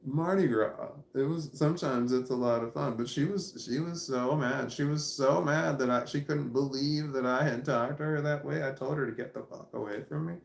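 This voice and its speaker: A man's voice: mid-range voice, normal speed, creaky, hardly any pauses, echoey room. A man in his forties telling a long, profane anecdote in a casual, rambling way, often breaking into laughter. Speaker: vlogger. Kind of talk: casual storytelling.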